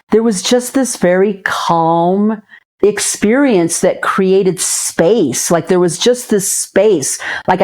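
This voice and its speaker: A middle-aged woman, a psychologist guest, speaking candidly and earnestly in a reflective interview, often restarting and repeating her phrases. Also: medium pitch.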